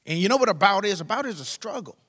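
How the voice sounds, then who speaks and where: High, bright preaching man in a hall. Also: big pitch swings, quick pace. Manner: swings from loud rising exclamations to low quiet asides. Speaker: pastor. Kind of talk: sermon. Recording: long hall reverb.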